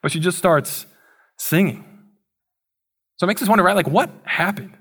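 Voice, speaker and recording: A man's voice: high-pitched, moderate pace, fairly bright tone, slightly rough. A young man preaching a sermon in a casual, conversational way, with playful asides. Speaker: pastor.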